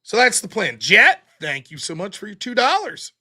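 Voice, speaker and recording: A man's voice: sits high, normal speed. A man hosting a live stream, ranting bluntly with frequent swearing and reading out viewer donations. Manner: blunt, profane, animated ranting. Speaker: livestream host. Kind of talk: casual livestream chat.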